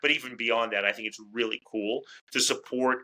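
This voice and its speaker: A man talking as a guest in a casual interview, chatty and quick to restart his words. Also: mid-range voice, fairly even intonation, bright, forceful tone, poor audio. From United States. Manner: talkative, repeats words as he restarts. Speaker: fight commentator, interview guest.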